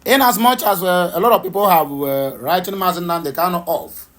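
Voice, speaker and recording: A man's voice: high voice, a little fast, a bit bright. A man with a Nigerian accent giving impassioned political commentary, emphatic and repetitive, with frequent fillers and rhetorical questions. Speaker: political talk show host.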